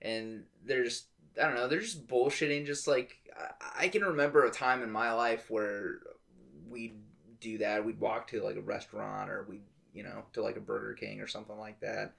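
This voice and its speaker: A man's voice: on the low side, fairly even intonation, normal speed, gravelly, a bit bright. A man co-hosting a casual movie-review podcast, talking in a laid-back, hesitant way with plenty of fillers. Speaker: podcast co-host.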